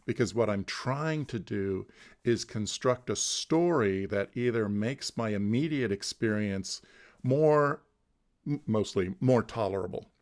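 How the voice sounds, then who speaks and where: A man's voice: lowish voice, expressive, measured pace, a little mellow. A man facilitating an online mindfulness class, talking through ideas in a thoughtful, casual way that often restarts words and laughs easily. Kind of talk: casual teaching chat. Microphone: online video call.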